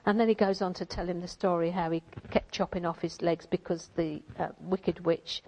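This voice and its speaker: A woman speaks to a church group in a relaxed, conversational way. She drifts between teaching and reading a storybook passage aloud, with frequent ums and little asides along the way. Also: lowish voice, normal speed, poor audio. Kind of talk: informal sermon with a read-aloud passage.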